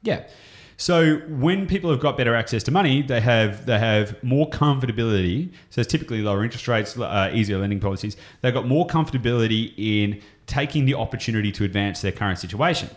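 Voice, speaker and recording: A man's voice: medium pitch, expressive, fast, hardly any pauses. An Australian man explaining property investing on a podcast, enthusiastic and rambling, often going off on tangents.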